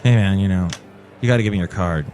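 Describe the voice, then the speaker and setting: A man's voice: very high-pitched, moderate pace, fairly bright tone, soft background music, pitched above the performer's own voice. A man voicing a brash male store clerk who is curt to some customers and gushing to others.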